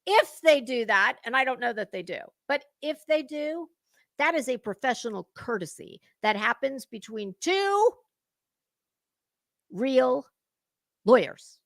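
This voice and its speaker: A woman's voice: sits high, very animated, unhurried, fairly bright tone, no echo. A middle-aged woman hosting drama commentary, scathing and mocking, lecturing and swearing freely. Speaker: commentary channel host.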